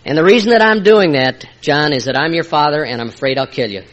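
An older man gives a heartfelt personal testimony at a recovery meeting. His voice sits a little high for a man, and he moves between quiet, hushed passages and emphatic bursts. The recording is muffled and lo-fi. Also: lively intonation, fast talker. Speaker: speaker sharing his recovery story.

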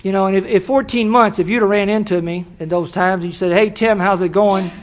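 A man's voice: high-pitched, steady tone, a little fast. An older man telling his story to a recovery meeting in a folksy, storytelling way, laughing now and then. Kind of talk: personal testimony. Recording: dull lo-fi recording.

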